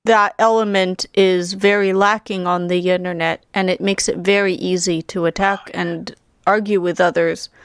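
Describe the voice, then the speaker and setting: A woman co-hosting a podcast in casual chat, speaking in a measured, reflective way as she builds her ideas step by step. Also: on the low side, little pitch movement, clean tone, dry recording, clean studio sound. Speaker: podcast co-host.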